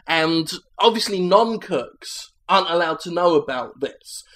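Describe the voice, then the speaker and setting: Comedy host, male, slightly high voice, rambling deadpan improv delivery. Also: measured pace. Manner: rambling, deadpan absurd pitch meeting.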